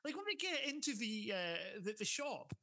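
A man co-hosting a film podcast in casual chat, animated and laughing often. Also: high voice, moderate pace, creaky. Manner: animated, laughing often, mimics characters in quotes. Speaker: podcast co-host.

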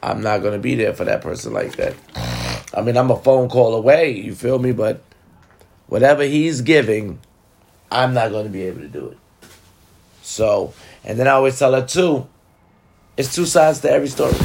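A man's voice: medium pitch, gravelly, darkish tone. A man talking to viewers in a blunt, profane, casual monologue, giving relationship advice. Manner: blunt, profane and talkative, addressing viewers directly.

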